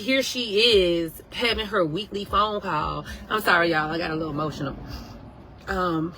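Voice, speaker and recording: A woman tells a personal story straight to her viewers, her voice sitting a little low. She is animated and emotional and acts out the lines of the people in it. A faint hum of noise runs underneath. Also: low-quality recording. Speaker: nurse sharing a story.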